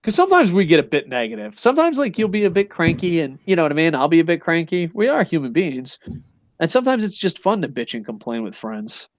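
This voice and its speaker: A middle-aged man hosting a casual podcast, talking in long, rambling runs full of swearing and fillers. His voice sits a little high, and the recording is dry and close. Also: big pitch swings, quick pace, no echo. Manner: rambling, profane, enthusiastic, lots of "you know what I mean". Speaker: podcast host. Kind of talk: casual wrestling podcast chat. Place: Japan.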